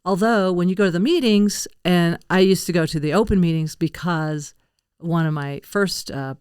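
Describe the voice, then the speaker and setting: An older woman hosts a casual conversational interview, chatty and quick to poke fun at herself. Her voice sits fairly low. The sound is dry and close, with no room echo. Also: darkish tone, clean tone. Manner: chatty, self-deprecating, laughs often. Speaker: podcast host.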